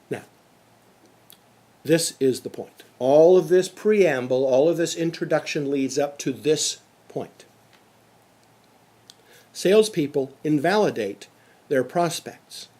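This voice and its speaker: A man's voice: a little high, darkish tone. A middle-aged man giving a motivational sales lecture, emphatic and repeating his key phrases. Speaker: sales trainer.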